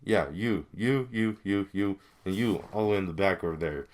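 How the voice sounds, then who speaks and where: A man's voice: low voice, normal speed, a little mellow. A man giving casual, rambling commentary as a video creator, talking straight to his viewers. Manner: rambling, addresses viewers directly.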